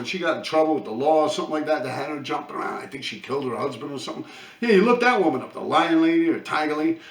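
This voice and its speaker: A man's voice: fairly high pitch, vocal fry, fairly bright tone, roomy sound, far from the mic. A man in his fifties from New York City with a New York accent, telling profane, rambling stories with lots of laughing. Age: 50s. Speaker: vlogger. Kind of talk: casual storytelling rant.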